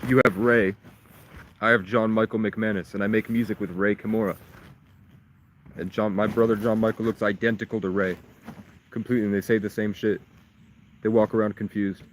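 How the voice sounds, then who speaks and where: A man's voice: fairly low pitch, little pitch movement, normal speed, pauses often, slight background noise. A man from Vermont, rambling on a live stream and jumping between wild claims. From Vermont, USA. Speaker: livestreamer.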